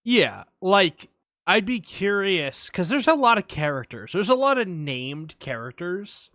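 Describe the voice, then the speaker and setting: A man co-hosting a casual movie podcast, telling stories in an animated way, swearing often and acting out quotes. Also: sits high, unhurried, no room sound, clean studio sound. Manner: animated storyteller, swears a lot, acts out quotes. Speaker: podcast co-host.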